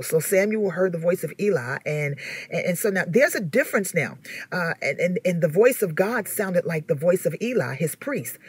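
A woman minister giving an informal teaching sermon, telling stories with lively rhetorical asides and frequent restarts. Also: lowish voice, husky, no echo. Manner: animated storytelling with rhetorical asides and laughter; frequent repeated words and restarts.

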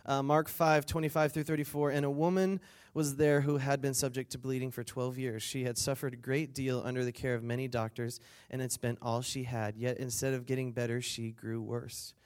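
A man's voice: mid-range voice, little pitch movement, fairly quick, few pauses, a little mellow. A man preaching a casual, conversational sermon at a weekend retreat, reading scripture and acting out the people in it, laughing and asking the crowd to answer back. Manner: conversational, acts out quotes, asks the crowd for responses.

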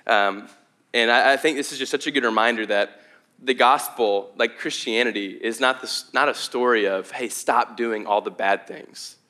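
A man's voice: mid-range voice, normal speed, bright, forceful tone. A young adult man preaching a sermon as pastor, in a conversational, earnest way with frequent fillers and restarts. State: out of breath.

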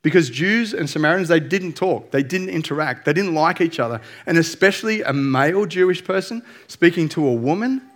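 Candid, higher-voiced male pastor. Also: lively intonation, a little fast, hardly any pauses, fairly bright tone. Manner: candid, self-deprecating storytelling. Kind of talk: conversational sermon.

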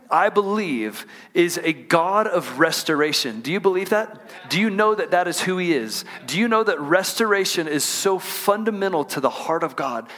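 A man preaching to a congregation in a church, his voice sitting a touch high for a man. He stretches out scripture readings slowly and calls for the room to answer and repeat after him. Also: fairly bright tone. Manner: call-and-response preaching, asks the congregation to repeat lines; drawn-out emphatic scripture reading. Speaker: pastor. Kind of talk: sermon. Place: church auditorium.

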